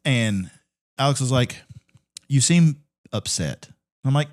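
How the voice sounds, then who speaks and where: A man's voice: mid-range voice, takes it slowly. A man co-hosting a podcast, telling stories in casual chat and swearing freely. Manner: animated storytelling, swearing, laughing often. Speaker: podcast co-host.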